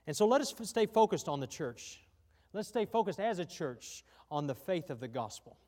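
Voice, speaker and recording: Male pastor, slightly high voice, folksy sermon delivery, echoing church hall. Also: sing-song, normal speed, warm tone. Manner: folksy preaching with frequent restarts. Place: church sanctuary.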